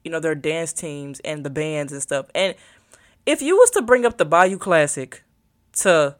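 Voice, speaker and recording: In a relaxed vlog, a young woman who's a college student talks to viewers, rambling and musing aloud as she looks through her phone. Her low voice is expressive and a little slow.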